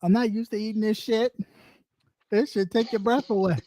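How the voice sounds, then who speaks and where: A commentary show host talking in a crude, mocking, profane way, out of breath, with drawn-out eating noises. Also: mid-range voice, fairly even intonation, dark tone, no room sound. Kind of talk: casual commentary.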